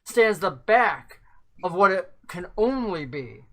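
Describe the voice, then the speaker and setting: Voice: mid-range voice, sing-song, takes it slowly. A game master narrating a tabletop game with vivid, descriptive scene-setting.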